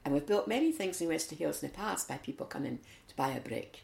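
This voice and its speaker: A Scottish community volunteer, interviewed in an echoey room, tells her stories fast in a low, gravelly voice. She is a lively, chatty storyteller who acts out what the people in her anecdotes said.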